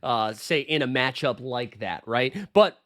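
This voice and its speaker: A man's voice: medium pitch, unhurried, fairly bright tone. A man hosting a basketball show, talking in a loose, chatty commentary style with frequent fillers and asides. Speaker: basketball podcast host. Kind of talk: casual sports commentary.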